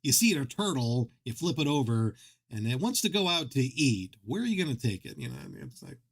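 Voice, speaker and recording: A man's voice: mid-range voice, big pitch swings, a little fast, vocal fry. Male streamer host; rambling, jokey, self-mocking casual chat. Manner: rambling, self-deprecating, joking, many restarts.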